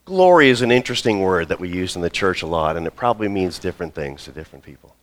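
A male pastor delivering a sermon in a deep, low voice. He talks the congregation through a story. His delivery is conversational, with asides and acted-out lines. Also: lively intonation, fast talker. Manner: storytelling, acts out quoted voices.

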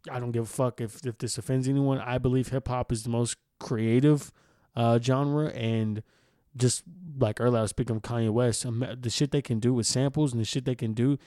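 A man's voice: medium pitch, moderate pace, warm tone, dry recording, clean studio sound. A young man hosting a solo podcast, reading news aloud and then ranting about it with heavy profanity. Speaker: podcast host.

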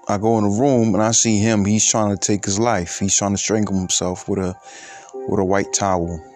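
A man of twenty-eight telling a personal story in a halting, reflective way, with many fillers and restarts. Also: on the low side, darkish tone. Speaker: podcaster.

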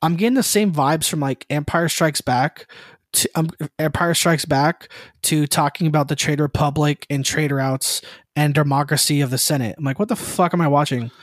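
A man's voice: fairly high pitch, steady tone, normal speed, dry recording, studio quality. A man co-hosting a gaming podcast in casual chat, rambling and swearing, laughing often. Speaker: podcast co-host.

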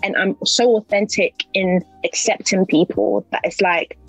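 Young woman, husky voice, dry close sound, faint music under; open and emotional casual chat. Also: mid-range voice, moderate pace, no room sound, rough recording. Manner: candid, emotional, often voices her own inner talk.

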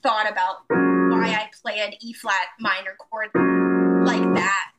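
A woman's voice: mid-range voice, steady tone, takes it slowly, loud music behind the voice. A woman pianist as an interview guest, talking hesitantly and searching for the right words. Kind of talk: casual interview chat.

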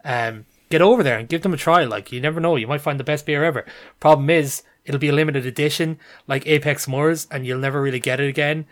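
A man's voice: a little high, quick pace. A man co-hosting a podcast, chatting with enthusiasm. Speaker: podcast co-host. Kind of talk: casual chat.

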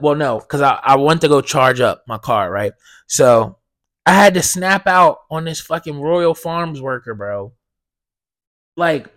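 Man, high voice, dry close sound, podcast host, profane animated rant, loud outbursts then low mumbles. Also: no room sound. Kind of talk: casual solo podcast rant.

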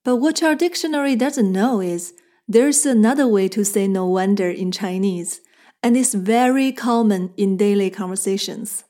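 A woman language teacher giving a scripted lesson, explaining clearly and patiently and slowing down for model phrases. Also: medium pitch, mellow.

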